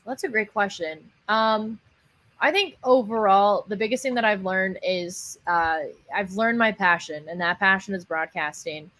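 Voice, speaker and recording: A woman who calls baseball games talks as a guest on a radio show. She answers thoughtfully and sounds upbeat. Her pitch is medium, and the sound is dry, with no room echo. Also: a little slow, a bit bright. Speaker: minor league baseball broadcaster.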